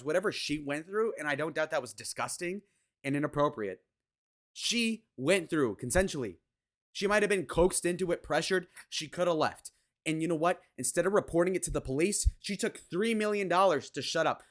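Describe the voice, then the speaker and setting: A man hosting his own commentary video, talking bluntly and crudely, jumping from loud mocking bits to low muttered asides. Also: lively intonation, fairly quick. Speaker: commentary channel host. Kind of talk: casual opinion commentary.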